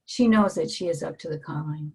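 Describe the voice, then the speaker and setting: A woman guest artist reading a reflective piece softly, then speaking gently with some hesitation. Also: low-pitched, fairly quick, slightly rough, rough recording. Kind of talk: reading a reflective text and casual talk.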